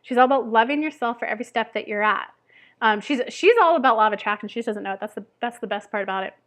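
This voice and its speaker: A woman's voice: on the high side, quick pace, a bit bright. Bubbly woman chatting to camera. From Tennessee. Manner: bubbly, chatty, self-deprecating with frequent laughs and fillers. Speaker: weight loss vlogger. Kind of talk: casual chat to camera.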